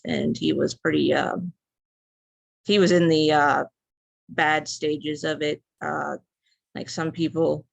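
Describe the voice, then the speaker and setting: A woman's voice: sits low, vocal fry, no echo. A young woman, a student, telling a personal story as a class speech in a rambling, casual way with many fillers. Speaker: student speaker.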